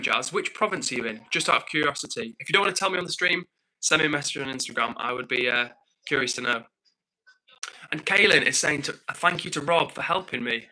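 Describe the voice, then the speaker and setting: A man's voice: medium pitch, pushed and bright, rough recording. A young man hosting a live stream, reading viewer comments in a friendly, upbeat, chatty way.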